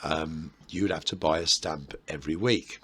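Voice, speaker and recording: A low, husky-voiced man with a Birmingham accent talks to camera about history. His delivery is chatty and meandering, and he drops in playful asides as he explains things. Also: normal speed, sharp tone. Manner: chatty and rambling, with self-mocking asides. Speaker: history video host.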